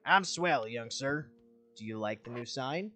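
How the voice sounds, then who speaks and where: A man's voice: mid-range voice, animated, a little slow, sharp tone, no room sound, faint music behind. A man voicing a genial male landlord with a put-on Western accent and courteous, old-fashioned phrasing, reading game dialogue aloud. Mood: polite. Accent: put-on American Western.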